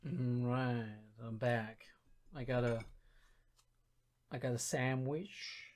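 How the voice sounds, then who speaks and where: A young man, not a native English speaker, hosting a casual reaction video and thinking aloud with many pauses and restarts. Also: medium pitch, fairly even intonation, darkish tone. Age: young adult.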